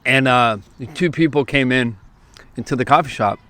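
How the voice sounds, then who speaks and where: Outdoors at a park, a youth preacher from California tells a casual story to the camera in a mid-range voice. He's lively, talking in quick bursts and acting out the lines he quotes.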